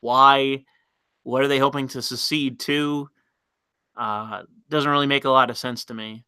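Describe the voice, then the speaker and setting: A man's voice: medium pitch, steady tone, unhurried, sharp tone, clear, resonant tone, dry recording. A man hosting a casual livestream, reading chat messages aloud and commenting bluntly, with frequent fillers and restarts.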